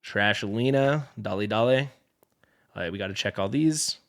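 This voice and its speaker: A man's voice: lowish voice, normal speed. A man streaming a mobile game live, joking and playfully dramatic as he sorts through gear. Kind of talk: live gameplay commentary.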